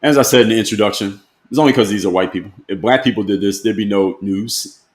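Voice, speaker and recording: A man with a fairly low voice hosts a live-stream and talks his point through in plain, everyday words. He leans on rhetorical questions and keeps asking them again. The sound comes from a room with a clear echo. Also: quick pace. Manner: plain-spoken, argues with repeated rhetorical questions. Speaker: host.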